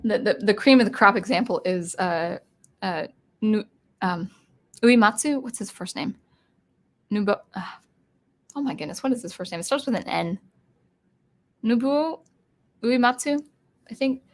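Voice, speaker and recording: A woman's voice: mid-range voice, animated, measured pace, pauses often. An American woman hosting a casual live-stream Q&A for her music channel. She reads viewer comments aloud and explains things in a chatty way, with frequent restarts.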